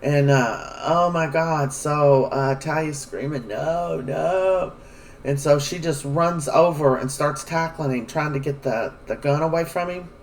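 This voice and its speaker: A man's voice: a little high, a little slow, hardly any pauses, recorded from a distance, slight background noise, poor audio. A man giving a casual, rambling recap of a soap episode, full of fillers. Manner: rambling, chatty, many fillers. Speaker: soap opera recap vlogger.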